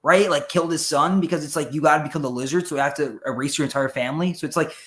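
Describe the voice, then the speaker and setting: A man with a slightly high voice talks rapid-fire as a guest on a casual podcast chat. He rambles, swears, and stays animated, acting out character voices along the way.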